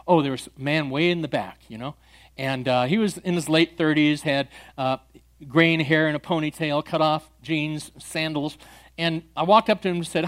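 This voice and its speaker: Animated high-voiced storytelling pastor. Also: male voice, normal speed. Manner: animated storyteller who acts out dialogue. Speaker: pastor training church members in evangelism. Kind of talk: storytelling teaching talk.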